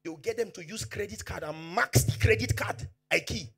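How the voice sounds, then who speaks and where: A man with a Nigerian accent preaching a sermon as pastor, fervent, swinging from hushed to shouting, and dropping Pidgin asides. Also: sits high, brisk, vocal fry, slightly rough, faint music behind.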